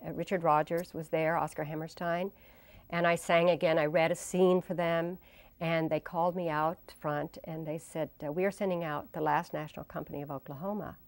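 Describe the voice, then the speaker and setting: A woman's voice: low-pitched, no echo. A woman in her sixties, an interview guest, telling stories animatedly and acting out the voices of people she quotes. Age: 60s. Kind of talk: casual storytelling interview.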